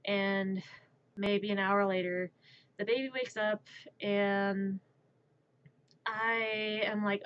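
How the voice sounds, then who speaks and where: A woman's voice: mid-range voice, moderate pace. A woman streamer telling a casual story, rambling and stammering, often repeating her words. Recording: muffled lo-fi stream audio.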